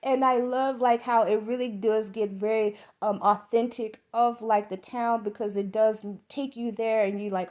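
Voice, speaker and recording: A woman's voice: on the high side, unhurried, a little mellow. A middle-aged woman from the American South with a Southern accent, giving a rambling, profane, enthusiastic movie review as a podcast host.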